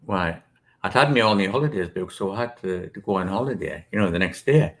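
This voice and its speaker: A man's voice: sits low, lively intonation, brisk, a bit bright. A British man, an author and guest, telling rambling stories with many ums and restarts. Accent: British English. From Britain. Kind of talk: casual interview storytelling.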